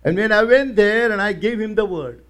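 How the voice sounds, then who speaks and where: A man's voice: high-pitched, normal speed, fairly bright tone. A male pastor preaching in church, telling a story with acted quotes and emphatic rises. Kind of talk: sermon.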